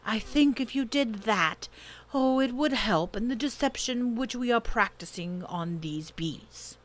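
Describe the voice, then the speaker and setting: A woman voicing a gentle, slow, dreamy male teddy bear who hums and ponders as he talks. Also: a little high, lively intonation, pitched above the performer's own voice. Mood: pondering.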